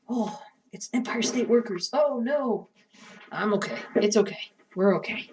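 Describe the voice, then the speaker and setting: A woman's voice: mid-range voice, a little slow, a little mellow. Cross-stitch streamer, woman, mid-range voice, casual running chatter, heard from a little distance. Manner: chatty, talks to herself and chat while working. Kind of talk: casual live-stream chat while stitching.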